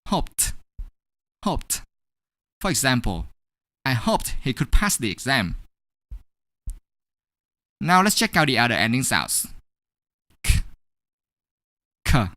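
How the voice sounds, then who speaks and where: A woman teaching English pronunciation in a scripted online lesson, over-articulating each sound slowly and deliberately. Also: rumbling low, big pitch swings, fairly bright tone, dry recording, clean studio sound.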